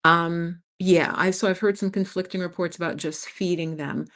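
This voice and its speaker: A woman's voice: on the low side, fairly even intonation, moderate pace, fairly bright tone. A woman in her fifties with a New York accent, hosting a casual livestream and talking frankly to her viewers as "you guys.". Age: 50s. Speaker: channel host.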